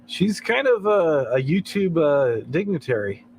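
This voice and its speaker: A man's voice: fairly high pitch, big pitch swings, a little slow, a little mellow, slight background noise, low-quality recording. An American man hosting a late-night livestream, chatting in a rambling way and chuckling often between thoughts. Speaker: livestream host. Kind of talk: casual chat.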